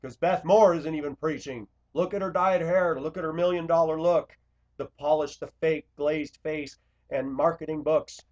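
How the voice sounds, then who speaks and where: A man's voice: on the high side, steady tone, normal speed. Blunt, confrontational man on a dull recording. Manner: blunt, confrontational, swings between loud outbursts and quiet asides. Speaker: Christian video blogger. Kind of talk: impassioned confessional monologue.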